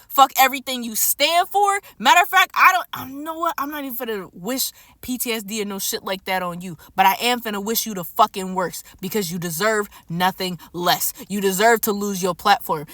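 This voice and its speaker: A woman in a furious, unscripted rant with a high, bright voice. She swears heavily and repeats phrases for emphasis. The sound is dry and close, with no room echo. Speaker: streamer and vlogger. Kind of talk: unscripted angry rant to camera.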